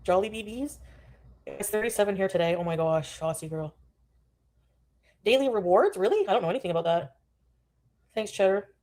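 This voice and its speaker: A woman speaking at a moderate pace, with a medium-pitched, slightly mellow voice, chats loosely on a live stream. She wanders from topic to topic, leaving long pauses and greeting her chat often.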